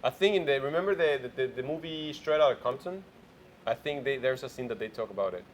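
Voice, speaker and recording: A man's voice: mid-range voice, fast talker, a little hiss or hum. A man hosting a morning show in casual chat, playfully quizzing his co-host.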